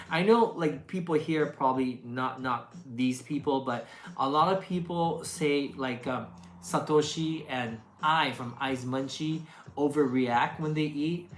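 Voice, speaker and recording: A woman's voice: sits low, slight background noise. Chatty woman in an echoey room. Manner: chatty, many fillers and restarts, laughs often. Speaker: food video creator. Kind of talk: casual Q&A chat. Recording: echoey room, faint music behind.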